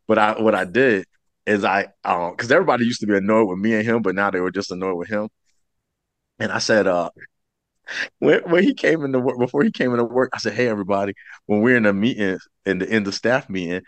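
A man's voice: fairly low pitch, fairly quick, no room sound. A man hosting a podcast, telling stories in a casual chat, laughing often and acting out the people he quotes. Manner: animated, laughing, acts out quoted voices. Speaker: podcast host.

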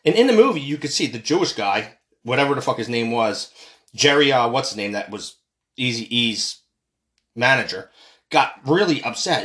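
A man's voice: medium pitch, animated, moderate pace, fairly bright tone. A man giving a heated, profane, rambling opinion rant as a commentator.

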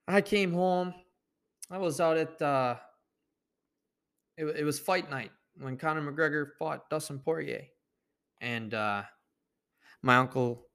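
Laid-back and casual, a young podcast host wanders through a profanity-laced story on his own. His voice runs on the high side, with a creaky quality and a fairly bright tone.

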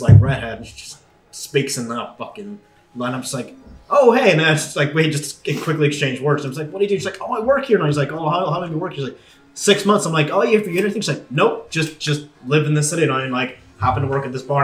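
A young Irish man in casual podcast chat, rattling off stories quickly with plenty of swearing. His voice sits a bit high for a man. The room around him is echoey. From Ireland. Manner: quick, profane storytelling with laughs.

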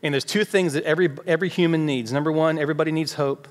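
A pastor races through a conversational sermon in a fairly high, steady voice, playing out ordinary dialogue in quoted voices. The church sanctuary adds long hall reverb, with faint music in the background.

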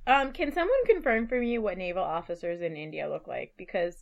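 A woman co-hosting a casual film chat, animated and laughing, acting out scenes from the movie as she retells it. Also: fairly low pitch, brisk, gravelly, highs cut off, crowd noise. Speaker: podcast co-host.

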